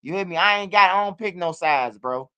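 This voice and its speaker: A man's voice: sits high, expressive, brisk, pushed and bright, clear, resonant tone, muffled recording. A man giving casual, rambling, profane commentary on street news.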